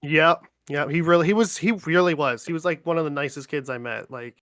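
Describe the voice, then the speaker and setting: A man, a livestream guest chatting in a relaxed, rambling way with many fillers. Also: a little high, a little fast, dry recording, studio quality. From Ontario, Canada. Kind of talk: casual chat on a livestream.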